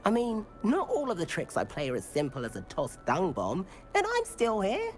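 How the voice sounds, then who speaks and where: A woman's voice: medium pitch, huge pitch swings, normal speed, faint music behind. A woman voicing a cheeky prankster student. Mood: breezy. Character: mischievous prankster male student.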